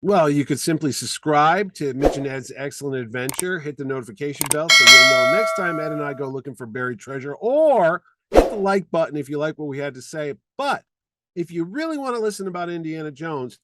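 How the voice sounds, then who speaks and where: A podcast co-host with a fairly high, lively voice chats casually and rants with strong opinions, speaking briskly. The recording is very noisy.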